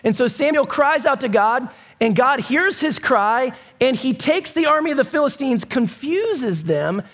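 A man's voice: very high-pitched, expressive, unhurried, a bit bright. A man preaching a sermon as pastor, telling the story casually with asides to the congregation. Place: church. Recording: long hall reverb.

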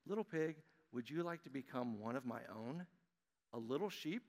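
A soft-spoken shepherd from a children's storybook, as a man puts him on while reading. He invites gently and kindly, his words ringing out through a large reverberant hall. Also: medium pitch, lively intonation, moderate pace, lightly acted. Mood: gentle invitation. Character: kind gentle male shepherd.

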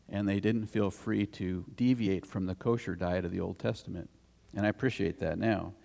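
A man with a lowish, darkish voice, a pastor, delivers a conversational sermon full of stories that builds into emphatic scripture reading. He's in a church sanctuary, and the recording carries the long reverb of a church hall.

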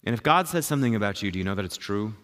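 A man's voice: fairly low pitch, expressive, racing, fairly bright tone. A middle-aged man, a pastor, preaching a sermon in a conversational, emphatic way, repeating his key phrases.

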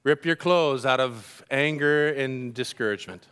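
A man preaching a sermon as a pastor, telling the story in an animated, joking way and talking directly to the congregation. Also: medium pitch, unhurried, clean tone.

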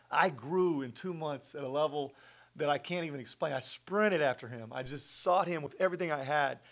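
Middle-aged guy telling his faith story, earnest and animated, voice sits a little high. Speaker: guest sharing his testimony. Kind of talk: personal faith story in conversation.

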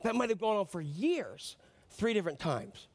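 A man preaching a sermon, earnest and pleading, swinging between loud emphasis and quiet low passages. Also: big pitch swings, moderate pace. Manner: earnest, pleading, rises and drops sharply for emphasis. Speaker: pastor.

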